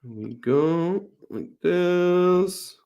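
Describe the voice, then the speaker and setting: Teasing man co-hosting a lesson, higher voice. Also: extremely slow. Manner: teasing, relaxed demonstrating. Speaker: co-presenter. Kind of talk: live software tutorial.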